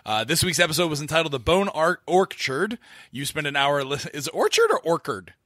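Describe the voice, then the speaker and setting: Male podcast co-host from Florida, chatty and loose, bright forceful tone, slightly high voice. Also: big pitch swings, fairly quick, no echo, clean studio sound. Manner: chatty, loose, many fillers and restarts. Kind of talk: casual podcast chat.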